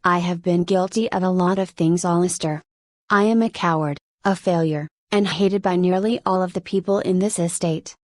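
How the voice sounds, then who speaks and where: A woman's voice: lowish voice, fairly even intonation, moderate pace, dry recording, clean studio sound, lightly acted. A woman voicing an exhausted young man pushed to his limits, complaining and out of breath in an audiobook reading. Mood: resolute.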